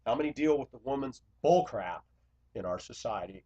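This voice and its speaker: A man speaking to camera in an impassioned confessional monologue, blunt and confrontational, swinging between loud outbursts and quiet asides. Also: mid-range voice, lively intonation, moderate pace. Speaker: Christian video blogger. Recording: dull lo-fi recording.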